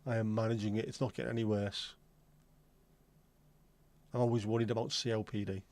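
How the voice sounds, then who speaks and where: A man's voice: fairly low pitch, flat delivery, a little fast, a little mellow. A man hosting a live stream, chatting casually and teasing his viewers as he reads and answers their comments. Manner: friendly, teasing banter with viewers. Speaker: livestream host.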